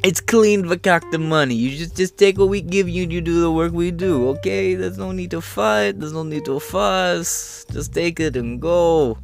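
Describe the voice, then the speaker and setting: A man's voice: on the high side, moderate pace, gravelly, hardly any pauses, faint music behind, pitched above the performer's own voice. A man doing a wheedling money-minded boss. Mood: coaxing. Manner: coaxing, condescending.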